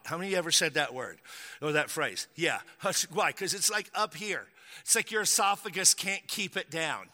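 Bright-voiced man preaching in a hall. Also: fairly high pitch, moderate pace. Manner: lively storytelling, acts out quotes, jokes with the crowd. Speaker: pastor. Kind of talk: sermon. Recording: long hall reverb.

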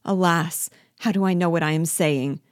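A woman's voice: fairly even intonation, measured pace, a little mellow, no echo, studio quality. A woman reading aloud and voicing a terrified male planter who begs for his life, her voice rising in desperate pleas. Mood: pleading. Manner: desperate, pleading, rising in pitch.

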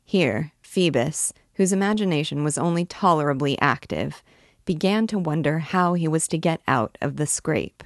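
A woman reads a classic novel aloud in a measured, steady narration. Her voice sits low. The recording is dry and close, with no room echo. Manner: measured storytelling. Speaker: narrator of a read-along.

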